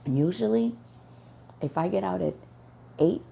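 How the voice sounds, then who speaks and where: A woman shares her religious testimony in an earnest, repetitive way, retelling her prayers as she goes. Her voice sits low and carries a heavy gravelly fry with a dark, mellow tone. A faint noise hangs behind her. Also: expressive, unhurried. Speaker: testimony speaker.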